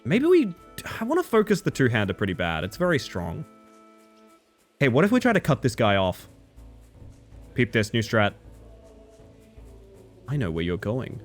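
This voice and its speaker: An excitable man streams a game live, talking to his viewers in a mid-range voice that leaps up and down as he reacts. He swears, yelps and laughs whenever something catches him off guard. Faint music plays underneath. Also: mid-range voice, moderate pace, pauses often. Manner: chats with viewers.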